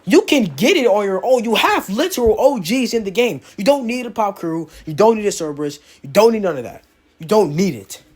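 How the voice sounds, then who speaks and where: Young guy ranting in a callout vid, high voice, keeps tripping on his words. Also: sing-song, fairly quick, darkish tone, husky. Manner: heated, stumbles over words. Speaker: YouTuber. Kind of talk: exposé commentary video.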